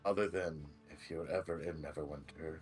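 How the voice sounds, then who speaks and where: A man voicing an excitable, grand-mannered male noble ally who talks formally and effusively. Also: rumbling low, normal speed, faint music behind. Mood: regretful.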